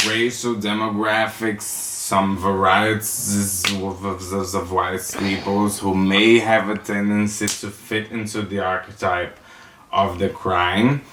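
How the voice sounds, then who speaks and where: A comedian telling stories in a campy, sassy stand-up monologue, acting out the people in them. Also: male voice, lowish voice, fairly bright tone, a little hiss or hum. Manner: campy, sassy storytelling with acted-out quotes. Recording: roomy echo.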